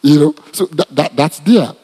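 Husky Nigerian pastor in an echoing hall. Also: male voice, a little high, moderate pace. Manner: animated, repetitive, joking asides to the congregation. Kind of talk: teaching sermon, Bible study.

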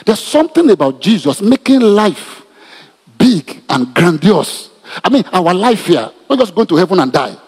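A man preaching a sermon as a pastor, animated, often laughing and repeating himself. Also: high voice, normal speed, breathy edge. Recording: reverberant hall.

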